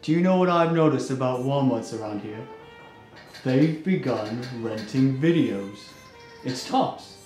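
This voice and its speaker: A man's voice: medium pitch, lively intonation, a little slow, a little mellow, reverberant, soft background music, natural voice. A man playing a weary, brain-craving undead man who talks in dry, mannered phrases.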